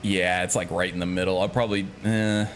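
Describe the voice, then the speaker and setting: A man with a fairly low voice talks through his gameplay on stream in a loose, rambling way, full of fillers and quick chuckles. Faint music sits quietly underneath his voice. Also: flat delivery. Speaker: game streamer. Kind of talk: casual gameplay chat.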